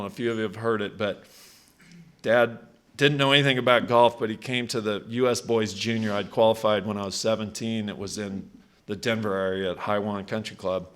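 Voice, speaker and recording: Being inducted into a hall of fame, a man in his sixties speaks at a country club event in a fairly low voice. His acceptance speech is casual and anecdotal, with frequent fillers, restarts, and sentences that trail off.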